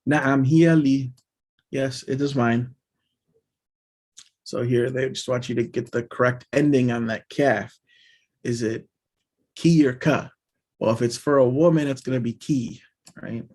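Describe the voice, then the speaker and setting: A man of middle pitch walks through a language lesson. He reads example sentences aloud one by one, then breaks them down in loose, conversational explanations. The tone stays easygoing and instructional throughout. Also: steady tone, a little slow, long pauses, a little mellow. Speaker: language teacher.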